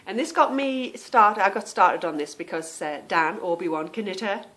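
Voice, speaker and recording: A woman's voice: mid-range voice, normal speed, a bit bright. A woman from England with a British accent, hosting a podcast in a chatty, meandering way that often trails off. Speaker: podcast host. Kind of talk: casual chat.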